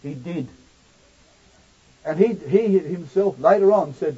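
A man with a high, breathy-edged voice preaches slowly with lively intonation, swinging suddenly from loud, ringing declamation to hushed, intimate asides. The recording is dull and lo-fi, its top end muffled.

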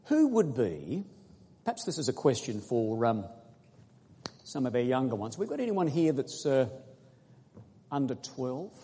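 A man preaching a sermon in a large hall, his voice mellow and a little husky. He reads scripture slowly and earnestly and stops to quiz his congregation. A long reverb hangs behind every phrase. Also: mid-range voice, very animated. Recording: echoey hall recording.

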